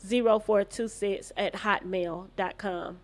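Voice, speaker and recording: A middle-aged woman answering interview questions in an earnest, steady way, listing dates and events. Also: medium pitch, measured pace. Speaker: guest.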